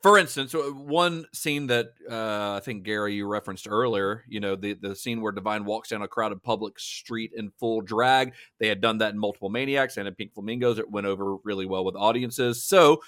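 A man's voice: on the low side, moderate pace, few pauses, a bit bright, dry recording, studio quality. Chatty laughing male podcast host. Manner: chatty storyteller, laughs often, many fillers. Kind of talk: casual film podcast chat.

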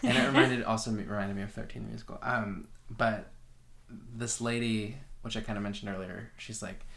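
A woman's voice: a bass voice, expressive, brisk, gravelly, a bit bright, slight background noise. A woman chatting casually about a movie, quoting scenes in playful voices.

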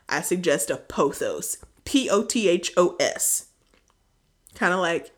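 A woman co-hosting a podcast in joking, playful casual chat, swearing and laughing often. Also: lowish voice. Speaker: podcast co-host.

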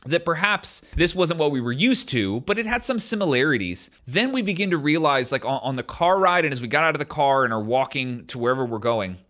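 Brisk and animated, barely pausing, a man in his thirties recounts a personal experience to camera in a medium-pitched, slightly bright voice. His casual, rambling delivery is full of "like."

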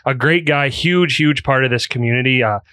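Jokey host, crisp, bright tone, laughs easily; clean dry mic. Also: male voice, mid-range voice, dry recording. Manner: jokey, upbeat, quick to laugh. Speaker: podcast host. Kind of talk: casual podcast chat. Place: podcast studio.

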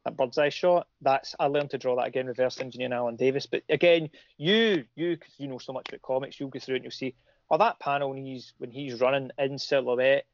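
A middle-aged man, a comic creator, chats casually in a rambling way, full of restarts and fillers. His mid-range voice moves fast with fairly even intonation. The audio is dull and lo-fi, with no room sound.

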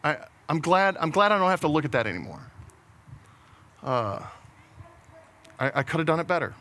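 A man's voice: fairly high pitch, very animated, normal speed, bright, forceful tone. A man preaching a sermon in a casual, conversational way, often restarting his words and laughing at his own jokes. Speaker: pastor.

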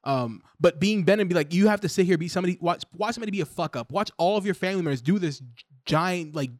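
A young man in casual podcast chat, excited and profane, rambling with lots of "like"s. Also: high voice, fast talker, no echo, studio quality. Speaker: podcast co-host. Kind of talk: casual chat reviewing a show.

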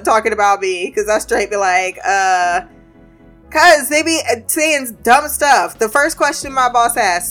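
A woman with a highish voice rants at a moderate pace about her remote team, soft background music underneath. Her casual storytelling is lively, peppered with swearing and laughter.

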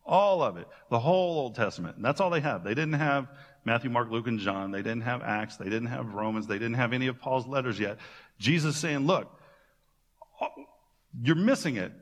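A man pastor giving a sermon, retelling scripture as casual, animated storytelling with playful asides. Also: medium pitch, fairly quick, big-room sound.

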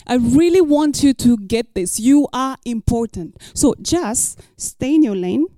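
A woman's voice: sits high, lively intonation, a little slow, mellow, no echo, clean studio sound. A woman pastor preaching a sermon, emphatic and repeating her key lines for the listeners.

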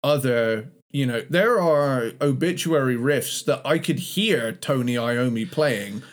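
A man's voice: mid-range voice, slow pace. A man co-hosting a podcast in casual chat, laughing often and explaining his ideas at length. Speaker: podcast co-host.

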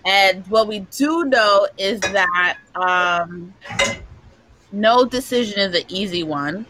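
A woman's voice: mid-range voice, takes it slowly, noisy background. A woman hosting a casual group chat among parents, telling stories and laughing often. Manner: laughs often, chatty storytelling. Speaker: parent support group host.

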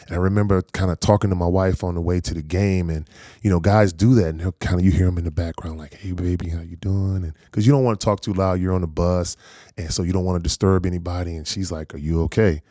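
Low-voiced guy, mellow tone, dry close mic, chatty candid storytelling. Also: fairly even intonation, quick pace, no room sound. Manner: candid, conversational, lots of "you know" and "like". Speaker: former football player telling his story. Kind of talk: reflective storytelling.

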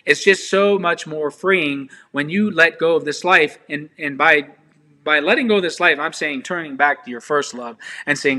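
Earnest, bright-voiced man preaching. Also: on the high side, moderate pace. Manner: earnest and pleading, addresses listeners directly. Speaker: ministry speaker. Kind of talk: informal preaching with personal testimony.

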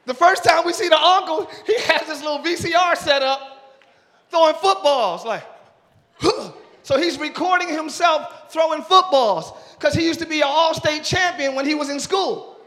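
A male pastor preaching a sermon in church, talking with the congregation and rising into loud shouting praise. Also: very high voice, normal speed, long reverb tail. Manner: preaching with call-and-response to the congregation.

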